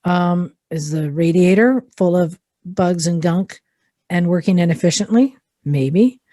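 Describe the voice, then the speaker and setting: A woman co-hosting a motorcycle podcast, chatting casually and thinking out loud with many pauses and ums. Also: on the low side, dry recording, studio quality. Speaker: podcast co-host. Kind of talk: casual chat.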